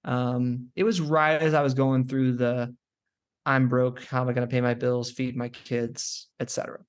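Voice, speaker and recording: A man's voice: mid-range voice, little pitch movement, normal speed. Chatty young man telling stories. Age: young adult. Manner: rambling storyteller, many "like" fillers. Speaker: podcast guest, chiropractor. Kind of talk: casual interview chat.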